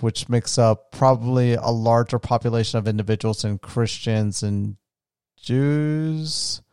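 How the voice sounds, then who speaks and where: Rambling young man, smooth dry voice. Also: medium pitch, darkish tone, dry recording. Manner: rambling, many fillers and restarts. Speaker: vlogger. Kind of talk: casual personal talk.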